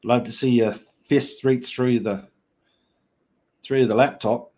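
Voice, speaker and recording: A man's voice: mid-range voice, fairly even intonation, slow, pauses often, dark tone. An Australian man with an Australian accent hosting a livestream, chatting casually in rambling, joking banter. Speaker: livestream host.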